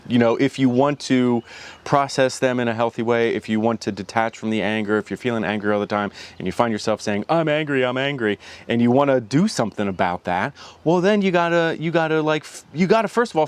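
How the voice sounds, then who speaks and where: A young man hosts his own vlog in loose, reflective talk, often stopping to restart a thought. His voice is smooth and resonant, sitting at an ordinary middle pitch for a man. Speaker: channel host.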